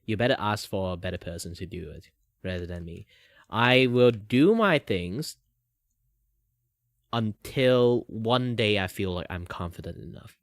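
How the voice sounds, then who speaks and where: With lively intonation and an unhurried pace, a young Malaysian streamer chats and rambles as he draws, full of filler words and swapping between a low and a higher voice. The recording is dry and studio-clean.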